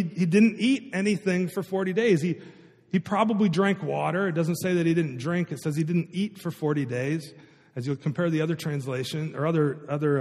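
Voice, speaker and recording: A man's voice: sits high, a little mellow. A man preaching a sermon to his church, talking in a conversational way and often putting questions to the congregation. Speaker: pastor. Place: church sanctuary. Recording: long hall reverb.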